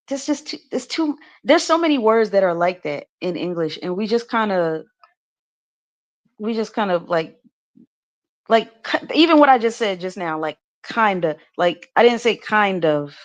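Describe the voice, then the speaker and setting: A woman on a podcast panel talking casually, rambling with many fillers and restarts and laughing often. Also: mid-range voice. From United States. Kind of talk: casual livestream discussion.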